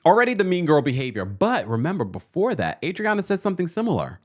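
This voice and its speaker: A man hosting a livestream recap of a reality show, talking in a sassy, animated way and addressing the cast members directly. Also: a little high, fast. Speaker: podcast host.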